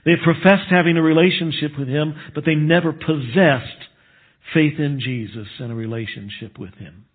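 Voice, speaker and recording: Husky male pastor, unhurried and emphatic, lifts for stress and sinks to a hush, thin lo-fi recording. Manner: earnest, emphatic preaching, drops to a low hush for solemn points. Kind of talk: sermon. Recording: tinny phone-like sound.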